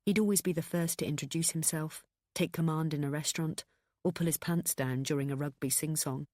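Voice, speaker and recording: A woman narrating a thriller audiobook in an even, measured storytelling manner. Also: sits low, no room sound, clean studio sound.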